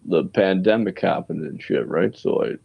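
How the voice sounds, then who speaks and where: A man's voice: deep voice, moderate pace, vocal fry, breathy edge. A man from Canada and the American South in casual podcast chat, laid-back and swearing freely, laughing often. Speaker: podcast host. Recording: dull lo-fi sound.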